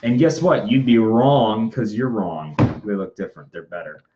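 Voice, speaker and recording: Low-voiced man muttering over a craft project. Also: expressive, moderate pace. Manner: self-deprecating, mutters and whispers to himself. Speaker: prop maker livestream host. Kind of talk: casual livestream chatter while crafting. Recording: muffled stream audio with faint noise.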